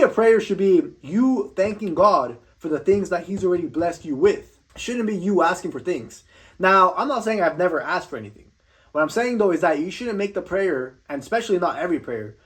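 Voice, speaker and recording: A man's voice: high-pitched, a bit bright. A young man giving a blunt, profane motivational rant, swearing constantly and tripping over repeated words. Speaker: vlogger.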